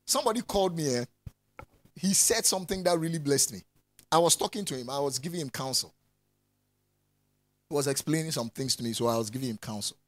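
A man preaching a lively sermon, swinging from loud calls to soft asides and laughing often. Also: on the high side, fairly quick, long pauses, no echo.

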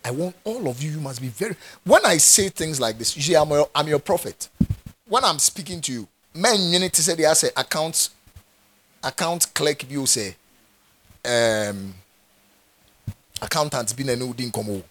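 A man's voice: fairly high pitch, lively intonation, moderate pace, a bit bright, slightly rough. A man with a Ghanaian accent, a pastor preaching a sermon with emphatic repetition. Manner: emphatic, repeats phrases for stress.

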